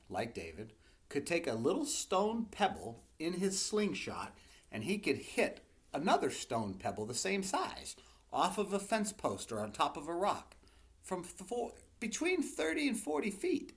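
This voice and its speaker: A man preaching a sermon as a pastor, retelling stories in an animated, conversational way with asides to his listeners. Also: on the high side, normal speed. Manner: animated storytelling with asides to the congregation.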